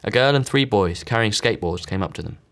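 A man's voice: fairly low pitch, expressive, quick pace, fairly bright tone. A man narrating a novel, reading all the characters with slight voice shifts. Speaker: audiobook narrator. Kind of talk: scripted narration.

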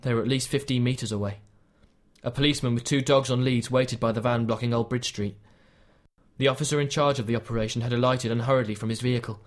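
Man narrating an audiobook, measured. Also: medium pitch, fairly even intonation. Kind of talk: scripted narration.

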